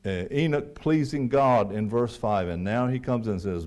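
A man preaching a sermon, rising to loud emphatic peaks and dropping to quiet, low asides. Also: normal speed, hardly any pauses.

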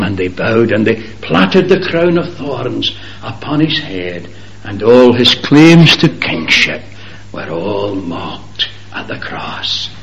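Gravelly, slow impassioned male preacher. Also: mid-range voice, lo-fi sound, a little hiss or hum. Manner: impassioned, swinging from ringing exclamations to hushed whispers. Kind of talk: sermon.

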